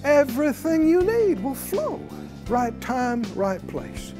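A man's voice: very high voice, sing-song, slow pace, over music. A man teaching a Bible class in a preaching style, emphatic and calling on his audience for responses.

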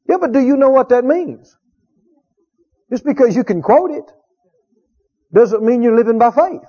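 A man's voice: very high-pitched, animated, moderate pace, pauses often, dark tone, husky. A man preaching a sermon, emphatic, repeating key phrases and drawing out quoted scripture. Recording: dull lo-fi recording.

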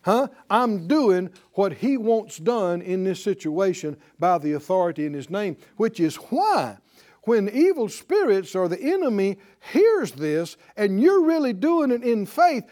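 A man preaching a sermon in a high voice. His pitch leaps and swoops as he acts out little scenes. He calls out to the congregation and waits for them to answer. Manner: animated storytelling, acting out dialogue; call-and-response with congregation.

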